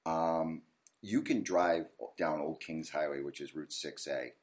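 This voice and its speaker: A man, a ghost hunter guest telling stories in a casual interview, animated and lively. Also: very deep voice, measured pace. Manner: animated storyteller, acts out yelling at the TV.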